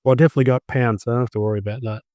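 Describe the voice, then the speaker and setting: A man's voice: mid-range voice, steady tone, racing, warm tone, no room sound, studio quality. A man hosting a podcast interview, joking and telling long anecdotes in casual chat. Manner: jokey, tells long anecdotes. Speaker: podcast host.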